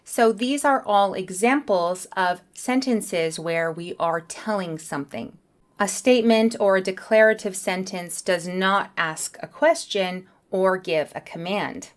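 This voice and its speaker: A woman teaching a beginner English lesson, speaking in a clear, careful way. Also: mid-range voice, unhurried.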